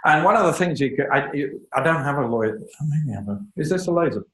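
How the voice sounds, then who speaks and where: A man giving a lively, emphatic lecture on public speaking, with joking asides to the audience. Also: on the high side, fast, reverberant, poor audio. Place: lecture room.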